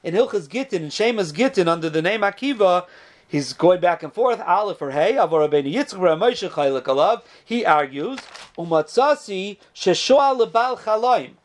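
A man's voice: high voice, lively intonation, normal speed. A man giving a casual Torah lesson, telling stories and sprinkling in Hebrew terms. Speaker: Torah teacher.

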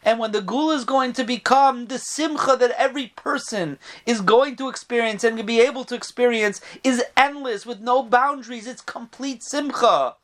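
A man teaching a Torah class, reading out Hebrew texts in a chanting study-hall cadence. He rises in pitch to stress a point, drops low and soft when quoting sources, and often clears his throat. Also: normal speed, few pauses. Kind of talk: Torah lesson.

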